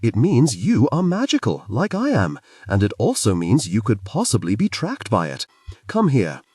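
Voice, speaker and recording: A man's voice: medium pitch, huge pitch swings, moderate pace, a little mellow, husky, no echo. A man voicing a brave, determined teenage girl who gives urgent, commanding orders, read for an audiobook.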